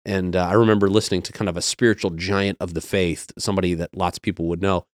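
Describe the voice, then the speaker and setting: Male pastor, podcast guest, low deep voice, dry close sound, earnest and reflective delivery. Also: flat delivery, fast, no echo. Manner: earnest and reflective, explaining with everyday metaphors. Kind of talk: casual podcast conversation.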